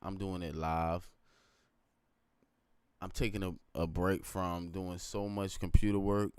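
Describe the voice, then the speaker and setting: Low smooth dude rambling on a late nite stream, keeps going "you know what im saying", dry sound. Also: male voice, level tone, slow pace, darkish tone, dry recording. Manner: rambling and reflective, repeats phrases, asks "you know what I'm saying". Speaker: live streamer. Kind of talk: late-night casual live stream monologue.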